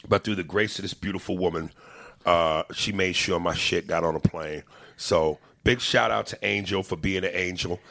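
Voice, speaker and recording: A man hosting a casual, profane chat, talking loud and animated and swearing freely. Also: deep voice, creaky.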